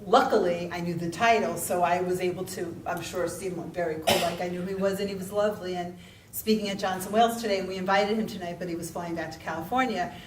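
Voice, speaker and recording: A woman's voice: on the low side, fairly even intonation, fast, noisy background. Woman host moderating authors, casual chatter, roomy echo, mic-distant. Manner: chatty, loose, full of fillers. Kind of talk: moderating a live author panel. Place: event room. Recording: echoey room mic from a distance.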